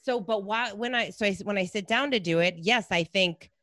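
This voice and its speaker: A woman talking casually as a podcast guest, lively and given to acting out her own thoughts. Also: medium pitch, normal speed, no echo, clean studio sound. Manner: animated, acts out her own thoughts in quoted voices. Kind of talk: casual conversation.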